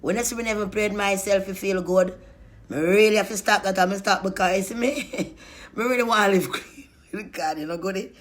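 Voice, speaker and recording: A woman giving an emotional spiritual testimony in a vlog, talking emphatically, laughing often and breaking into sudden shouted prayers. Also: medium pitch, a little fast. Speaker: vlogger.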